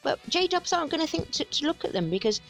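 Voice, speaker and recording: Sarcastic woman, lively and high. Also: quick pace, gravelly, faint music behind. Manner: sarcastic, exasperated, chatty. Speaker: video commentator. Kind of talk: sarcastic reaction commentary.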